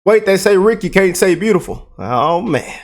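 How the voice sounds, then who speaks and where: A man hosting a reaction video, talking to his viewers in an excitable, hyped way. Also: high voice, moderate pace. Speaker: host. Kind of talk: reaction commentary.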